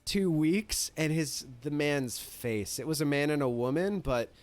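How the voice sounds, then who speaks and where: A man casually telling a story, animated and profane, filling his talk with "like". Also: fairly high pitch, moderate pace. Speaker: streamer.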